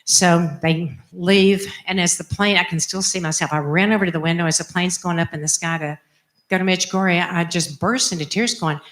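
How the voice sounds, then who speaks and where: An older woman, a religious sister, telling a personal story in an animated, emphatic way. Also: lowish voice, moderate pace. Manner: animated, emphatic, acts out quotes. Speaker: religious sister giving a testimony. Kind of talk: storytelling talk.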